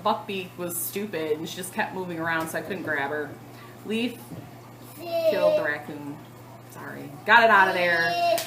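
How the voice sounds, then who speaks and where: A woman in her thirties telling a long story to the camera in a casual vlog, chatty and animated, with lots of fillers. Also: medium pitch, roomy sound, background noise. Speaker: cross-stitch vlogger.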